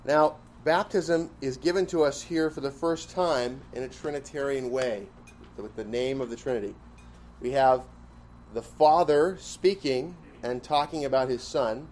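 A man's voice: mid-range voice, a little slow, darkish tone, slight background noise. A man teaching a Bible class, who repeats key phrases for emphasis and puts questions to the class.

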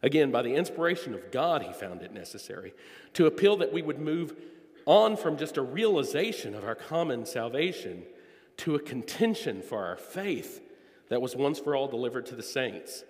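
A man's voice: mid-range voice, big pitch swings, a little mellow. A male preacher delivering an earnest expository sermon, drawing out key words for emphasis. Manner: earnest, emphatic, drawn-out stresses. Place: church sanctuary. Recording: long echo of a church hall.

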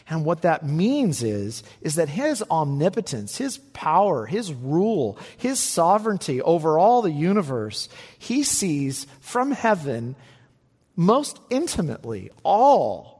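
A male pastor delivering a sermon, swinging between emphatic raised peaks and quiet, low passages. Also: breathy edge, big-room sound. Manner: animated preaching, rising to emphatic peaks and dropping low.

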